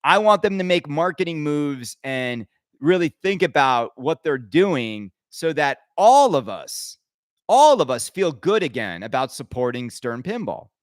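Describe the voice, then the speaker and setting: Fired up, a male podcast host delivers an opinionated rant, emphatic and rambling, often stammering and starting over. His fairly high voice has a sing-song quality and a measured pace, captured in a dry, close recording.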